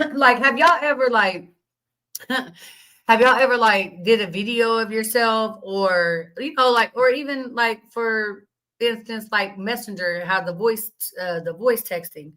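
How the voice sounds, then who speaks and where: A woman hosting a livestream, chatting casually with her viewers in a rambling, laughing way, her voice still a little rough from being sick. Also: a little high, slow pace, fairly bright tone, rough recording. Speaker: livestream host.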